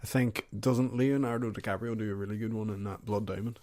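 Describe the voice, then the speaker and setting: Lower-voiced young male podcast co-host. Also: steady tone, brisk, mellow. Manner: teasing, blunt, swears. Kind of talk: casual podcast chat.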